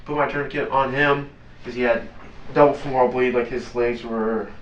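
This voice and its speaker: A man's voice: mid-range voice, steady tone. Man telling a war story, distant and roomy. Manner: blunt, profane, halting with many fillers. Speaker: interview guest, former Navy SEAL. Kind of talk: casual storytelling interview. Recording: roomy, distant, dull lo-fi sound.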